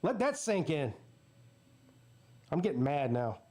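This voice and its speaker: A high-pitched man talks through a live football game, calling each down and yardage. Between plays he breaks into blunt, profane rants. He keeps the loose, running commentary of a watch-party host. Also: sing-song, slow, a little mellow. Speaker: sports channel host.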